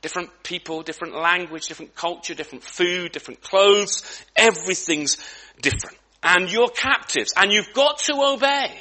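A man preaching a sermon in a conversational way, full of restarts and asides, with lively emphasis, in a church. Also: high-pitched, normal speed.

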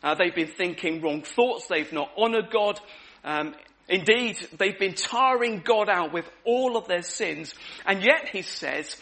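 A man delivers a sermon in a high, bright and forceful voice. He talks in a relaxed, conversational way, with frequent ums, and repeats his key words to drive them home. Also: a little slow. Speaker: preacher. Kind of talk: evening sermon.

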